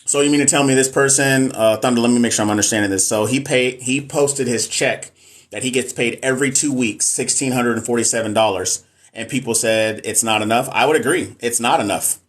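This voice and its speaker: Speaking briskly at a medium pitch, this middle-aged male nurse and NCLEX coach responds to viewer comments during a relaxed live stream, keeping things blunt and emphatic.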